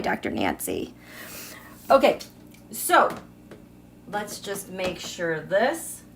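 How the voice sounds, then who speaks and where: This is a mid-range, somewhat bright female voice. She hosts a casual tarot and astrology stream from her home, chatting in a meandering way and saying hello to viewers by name.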